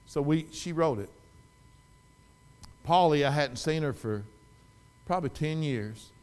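A middle-aged man preaching a sermon in a church, folksy, swinging from loud fervent exhortation to quiet storytelling. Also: on the high side, expressive, a little slow, clean tone. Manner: folksy, repeats and restarts phrases.

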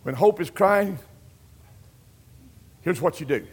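A middle-aged man preaching a sermon, swinging between hushed storytelling and loud exclamations. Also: a little high, lively intonation, takes it slowly, slightly rough.

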